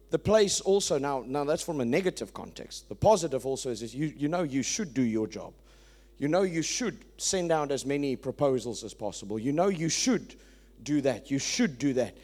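A pastor delivers an emphatic sermon, swinging between loud declarations and quiet asides. His voice leans toward the high side.

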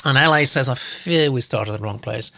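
A male host with a gravelly, bright voice chats casually and reads out viewer comments. His talk is loose and full of fillers. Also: medium pitch, brisk. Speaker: host reading audience comments. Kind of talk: casual live-stream chat.

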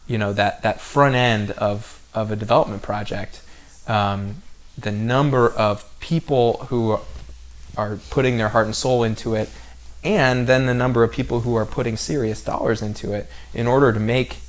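A man from San Diego, California talks in a casual podcast conversation, running on in long rambling stretches full of fillers and restarts. His voice is fairly low, steady in tone, at normal speed.

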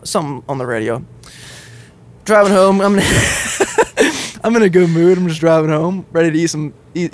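Fast-talking animated podcast man. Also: a little high. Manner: animated, swears freely, laughs through his stories. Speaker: podcast co-host. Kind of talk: casual storytelling chat.

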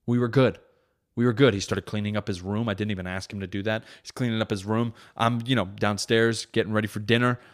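A man's voice: lowish voice, level tone, fast, few pauses. A comedian and podcast host, a father, telling a rambling story in casual, profane, self-correcting chat.

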